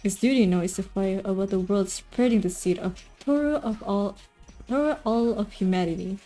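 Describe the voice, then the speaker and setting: A woman voicing a cold, scheming male doctor in a visual novel, speaking calmly and formally. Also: medium pitch, moderate pace, soft background music, close to an everyday voice. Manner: calm, formal, menacing.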